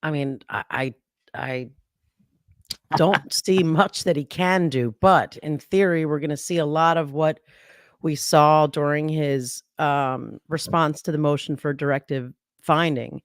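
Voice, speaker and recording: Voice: medium pitch, steady tone, a little slow, no room sound, studio quality. A guest commentator analyzing a trial in casual podcast talk, who often restarts sentences and laughs in disbelief.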